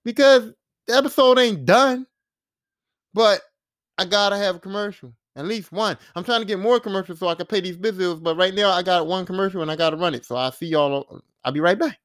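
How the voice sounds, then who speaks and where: A man hosting a podcast, recapping a TV episode in animated, profane storytelling. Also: high voice, fairly quick, no echo, studio quality. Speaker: podcast host.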